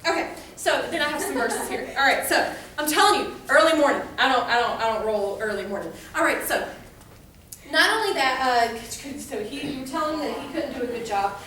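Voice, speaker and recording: A woman's voice: high-pitched, expressive, normal speed, bright, forceful tone. A young woman giving a casual devotional talk to a youth group, chatty, with lots of fillers as she tells stories. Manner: chatty, filler-heavy storytelling. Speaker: youth speaker. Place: room with a youth audience. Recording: very echoey room from far off.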